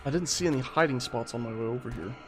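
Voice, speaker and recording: A man's voice: medium pitch, fast talker. A man streaming a game, giving chatty, reactive commentary and swearing when startled. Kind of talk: gameplay commentary. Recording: noisy stream audio.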